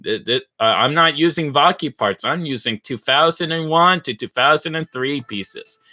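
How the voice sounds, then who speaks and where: A man chatting casually on a livestream while he builds, playful and rambling, poking fun at himself as he thinks out loud. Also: fairly high pitch, normal speed. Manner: playful, rambling, self-mocking, thinks aloud. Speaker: livestreamer building brick models.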